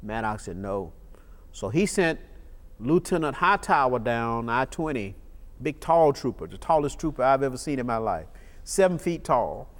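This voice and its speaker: A man's voice: mid-range voice, animated, normal speed. A man, recounting events in an oral history interview, emphatic and fond of repeating key phrases. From Georgia, USA. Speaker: interviewee, state legislator.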